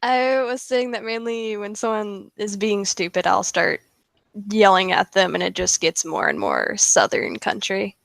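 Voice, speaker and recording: A woman's voice: mid-range voice, animated, measured pace, gravelly, a bit bright, no room sound. Apologetic woman on a dry call mic. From United States East Coast. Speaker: guest caller. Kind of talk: casual chat.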